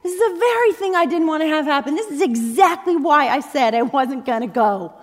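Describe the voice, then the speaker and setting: A woman's voice: high voice, expressive, brisk, soft background music, voice pushed up. A woman voicing a petulant grown man who rants sarcastically at God in an exasperated, whiny tone. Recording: long reverb in a large hall.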